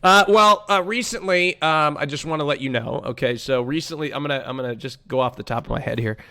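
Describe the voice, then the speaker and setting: A young man hosts a loose group podcast, his voice bright and slightly high. He rambles through topics with playful emcee patter, peppered with ums and uhs. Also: quick pace. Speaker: podcast host. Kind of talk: casual group podcast hosting.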